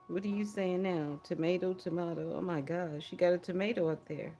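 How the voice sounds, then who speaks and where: A woman's voice: fairly low pitch, normal speed, dark tone, faint music behind. A woman hosting a livestream prayer watch, chatting casually, laughing often and reading viewer comments aloud.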